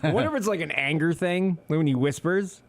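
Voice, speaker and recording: A man's voice: fairly high pitch, lively intonation, fast talker, creaky. A man co-hosting a community radio talk show, laughing often and slipping into whispered impressions. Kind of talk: casual banter on community radio. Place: radio studio.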